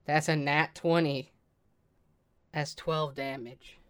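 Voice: mid-range voice, fairly even intonation, slow pace, smooth. A player in a tabletop game, calling out rolls and actions in a matter-of-fact way. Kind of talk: casual tabletop play.

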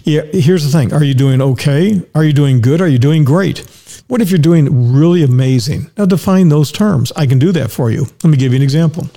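A man's voice: fairly high pitch, brisk, dark tone. An older man hosting his own podcast, talking casually and folksily, piling up rhetorical questions and anecdotes from a home studio. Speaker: podcast host. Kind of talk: casual monologue.

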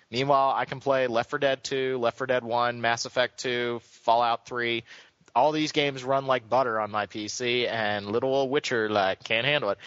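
Joking, ranting podcast co-host. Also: male voice, medium pitch, no echo. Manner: animated, joking, exasperated rants. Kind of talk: casual gaming podcast chat. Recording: dull lo-fi sound, dry.

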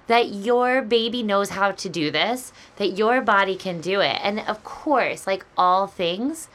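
A woman's voice: mid-range voice, a little slow, few pauses, a bit bright. A woman co-hosting a podcast, earnestly explaining and building on ideas in casual chat. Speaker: podcast co-host.

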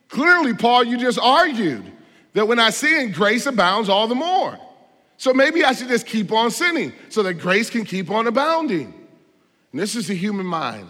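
A man pastor delivering a sermon in church, emphatic and full of rhetorical questions, swinging between loud stresses and quiet asides. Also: high-pitched, wildly swooping pitch, slow. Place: church sanctuary. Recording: long hall reverb.

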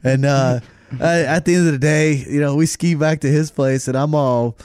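A man's voice: on the high side, fairly even intonation, normal speed, darkish tone, clear, resonant tone, dry recording. A man in casual podcast chat, telling a story with swearing and acting out the lines of other people.

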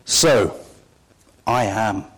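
A man's voice: lowish voice, extremely slow, fairly bright tone, poor audio. Earnest man preaching a sermon. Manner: earnest, heartfelt.

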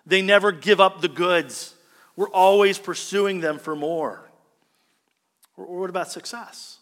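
Male pastor, somewhat high voice, conversational preaching style, echoing hall. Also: unhurried. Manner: animated, conversational, asks the congregation "right?". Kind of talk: sermon.

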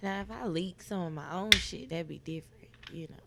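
A woman's voice: lowish voice, fairly quick, creaky, heavy background noise. A woman co-hosting a podcast, talking candidly and giggling in casual chat. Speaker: podcast co-host.

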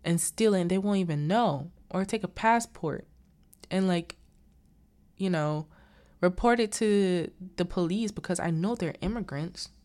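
A woman voicing a reckless woman wild with adrenaline, scheming out loud. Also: on the low side, unhurried, close to an everyday voice.

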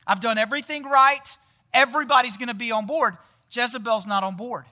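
Very high, bright-voiced man preaching. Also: a little fast. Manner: quizzes the audience with questions; chatty, often tags lines with "right?". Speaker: pastor. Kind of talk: casual sermon.

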